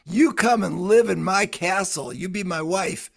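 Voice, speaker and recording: Confident young suitor, flat and direct, voiced by a man, gravelly tone. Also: high voice, measured pace, voice pushed up, full character voice. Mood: blunt.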